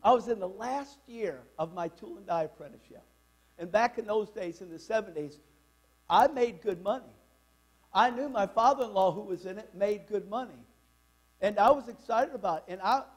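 A man's voice: high-pitched, normal speed. A man in his sixties preaching a fervent, worked-up sermon in church. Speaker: pastor.

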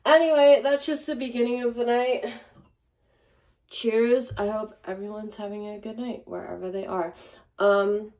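A woman's voice: fairly high pitch, fairly even intonation, moderate pace, darkish tone. A young woman venting in a casual home vlog, angry and swearing, with many fillers. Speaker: vlogger. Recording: audible background noise.

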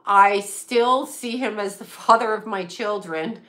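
A woman's voice: mid-range voice, unhurried, a bit bright. A middle-aged woman, a psychic medium, ranting in casual livestream chat, swearing and laughing often. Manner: profane, ranting and laughing a lot.

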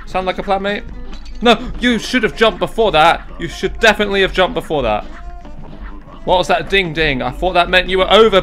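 A young man commentating a video game, excitable and jokey, yelling and swearing at it and talking himself down between fits. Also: high voice. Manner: talks to himself, jokey asides. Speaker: gaming YouTuber. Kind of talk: let's play commentary.

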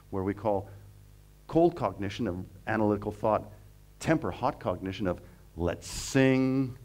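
A middle-aged man from Canada, a professor giving a humorous, animated seminar talk that mixes jokes into the teaching. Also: fairly low pitch. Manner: animated, joking, acts out quotes. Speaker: guest speaker, professor.

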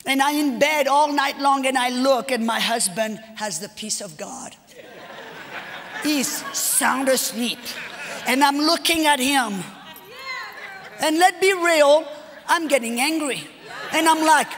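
A high-pitched woman delivers a sermon, retelling personal stories with animated energy and acting out the conversations. Her voice rings with long reverb in a large church hall. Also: takes it slowly, pauses often, slight background noise. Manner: animated, acts out dialogue, repeats phrases. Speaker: guest speaker.

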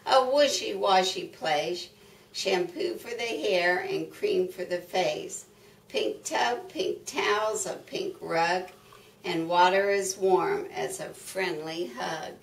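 An older woman with a lowish, gravelly voice reads a picture book aloud to young children at a slow pace, sing-song and full of exclamations. The mic is far off in an echoey room.

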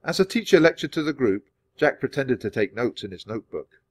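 A man's voice: medium pitch, fairly quick, no room sound, clean studio sound. Man reading a children's book aloud. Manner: clear, steady storytelling. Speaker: storybook reader.

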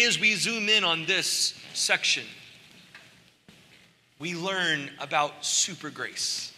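A man preaching a sermon as pastor, conversational, drawing out key words slowly and building to emphatic peaks. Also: high-pitched, sharp tone. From United States. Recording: church hall with long reverb.

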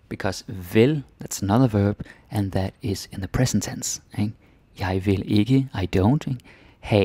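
Man, Danish accent, gravelly voice, chatty teacher, casual lesson. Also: on the low side, a little mellow, no room sound. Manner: chatty, drops in Danish tag words and little laughs.

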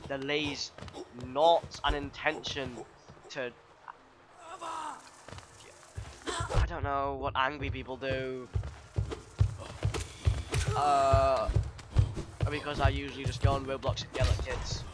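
A man's voice: mid-range voice, takes it slowly, long pauses, background noise. A man giving let's play commentary, ranting sarcastically and swearing often as he rambles. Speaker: gaming YouTuber. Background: loud game music.

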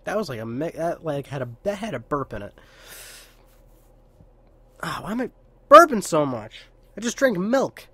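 A man's voice: on the high side, sing-song, normal speed, pauses often, pushed and bright, breathy edge, no room sound. Giggly joking let's play guy. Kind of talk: casual gameplay commentary.

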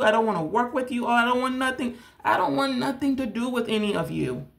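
A woman's voice: fairly high pitch, animated, fairly quick, creaky, hardly any pauses. A woman who hosts a tarot channel, ranting straight to camera in a blunt, confrontational way and repeating her points. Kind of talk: direct-to-camera rant.

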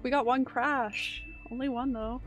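A woman's voice: sits high, steady tone, measured pace, fairly bright tone, faint music behind. A young woman streaming a video game, chatting casually and rambling, swearing freely and poking fun at herself. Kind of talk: casual gameplay commentary.

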